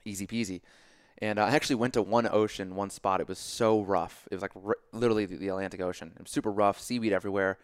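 A young man on a podcast telling a story casually, animated and swearing freely as he acts out his own reactions. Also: lowish voice, fast talker, few pauses, clear, resonant tone, dry recording, studio quality. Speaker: podcast guest.

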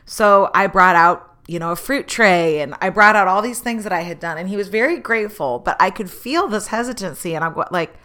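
A woman's voice: mid-range voice, fairly quick, few pauses. Candid woman telling a personal story. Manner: candid, animated, acts out quoted dialogue.

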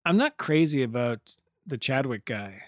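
A man's voice: medium pitch, sing-song, normal speed, dry recording, studio quality. A man co-hosting a podcast in casual chat, joking and rambling, laughing often. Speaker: podcast co-host.

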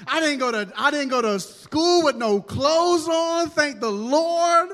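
A man voicing an overly grateful child who loudly gushes thanks. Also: very high voice, animated, slow, big-room sound, voice pushed up, exaggerated voice. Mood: gushing. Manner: gushing, exaggerated thanks.

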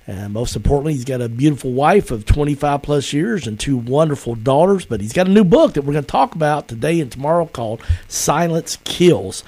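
A man's voice: fairly high pitch, lively intonation, fairly quick, few pauses, warm tone. A man hosting an interview, talking in a friendly, chatty way with frequent fillers. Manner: friendly, chatty, many ums and restarts. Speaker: interview host. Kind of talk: casual interview chat.

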